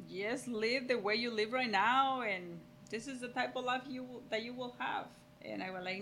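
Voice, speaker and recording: Mom on a podcast, bright highish voice, faint hiss behind her. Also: moderate pace, hardly any pauses, rough recording. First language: Spanish. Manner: laughing, repeats words, animated. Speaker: podcast guest, host's mother. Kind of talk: casual chat.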